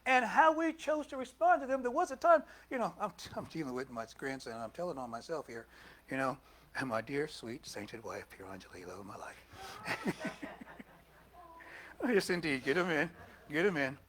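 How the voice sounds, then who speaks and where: An older man preaching a sermon in a conversational way, putting questions to the congregation and moving between loud and soft. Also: fairly high pitch, very animated, fairly quick. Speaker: minister.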